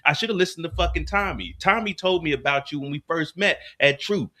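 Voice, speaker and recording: A man's voice: on the high side, fairly quick, bright, forceful tone. A man acting out a wounded, furious middle-aged man ranting and cursing at his ex. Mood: angry, hurt.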